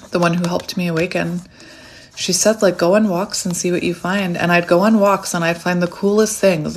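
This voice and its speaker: A woman giving a casual, chatty tarot reading, laughing often and squealing when she gets excited, her throat a little hoarse. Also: lowish voice. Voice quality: warm, laughs often between phrases. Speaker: tarot reader.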